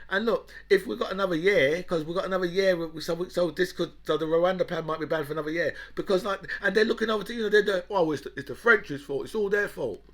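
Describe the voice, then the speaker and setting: Fairly high and bright in tone, a man vents in a sarcastic, furious political rant as a commentator, ridiculing his opponents and repeatedly asking "right?"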